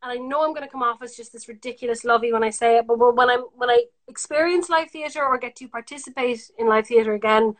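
A woman from Ireland, an actor guesting on a podcast, animated and self-deprecating as she chats. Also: fairly high pitch, fast, hardly any pauses. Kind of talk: casual conversational interview.

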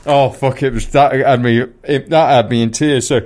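A man chatting on a podcast, telling stories with shouted quotes and laughter. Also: medium pitch, normal speed. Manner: animated storyteller, shouts quoted lines and laughs mid-story. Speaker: podcast co-host. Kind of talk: casual chat.

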